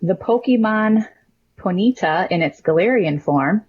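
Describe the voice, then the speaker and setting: A woman's voice: medium pitch, animated, a little mellow, a little hiss or hum. Woman reading quiz questions over lo-fi audio. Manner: brisk, matter-of-fact question reading. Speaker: quiz host.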